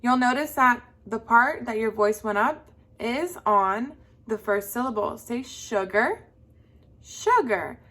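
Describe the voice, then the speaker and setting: Speaking at a measured pace, a young woman whose voice is a little high, pushed and bright gives young children a slow, patient lesson. She draws out her words sing-song style for them to echo.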